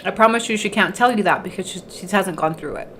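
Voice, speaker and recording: A woman chats her way through a casual livestream, slipping Spanish words into her English and stopping now and then to eat. Her voice sits at a middling pitch. The room is echoey, with faint noise underneath. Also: quick pace, fairly bright tone. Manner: chatty, mixes in Spanish words, eating while talking. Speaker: livestream host.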